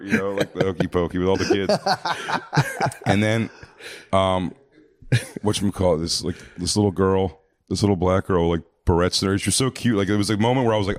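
A man's voice: low voice, fast, a little mellow, no echo. A man telling a long, rambling, profane story in a casual chat, full of fillers and restarts.

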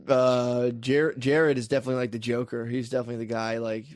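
A man's voice: medium pitch, little pitch movement, fast, darkish tone. A man in his forties co-hosting a comedy podcast, rambling through crude jokes and acting out quoted voices. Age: 40s.

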